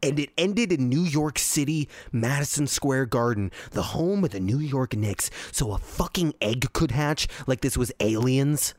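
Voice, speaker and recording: A man's voice: medium pitch, lively intonation, unhurried, hardly any pauses, dry recording. A man hosting a podcast, ranting and swearing in exasperation as he reacts to a movie into a desk microphone. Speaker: podcast host. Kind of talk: profane movie-reaction rant.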